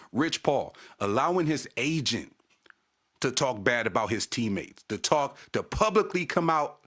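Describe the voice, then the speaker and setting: A man's voice: mid-range voice, pushed and bright. Casting note: a male stream host in a heated, profane casual rant, repeating his points. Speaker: channel host.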